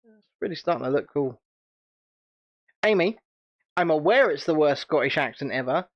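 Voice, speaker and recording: A man's voice: fairly high pitch, expressive, moderate pace, lo-fi sound. A British man hosting a casual livestream chat, chatty and rambling, and laughing often. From United Kingdom. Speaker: channel host.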